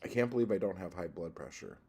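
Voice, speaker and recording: A man with a very low, husky voice chats on a casual livestream, reading comments aloud. He rambles and swears freely, getting worked up with little push. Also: expressive, quick pace, dark tone. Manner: profane, easily worked up, rambling. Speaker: livestream host reading chat.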